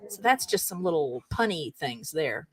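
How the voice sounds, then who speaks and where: A woman's voice: low-pitched, sing-song, moderate pace. A woman hosting a casual show, reading funny text messages aloud and chatting about them in an amused way. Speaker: host of a comedy roundup show.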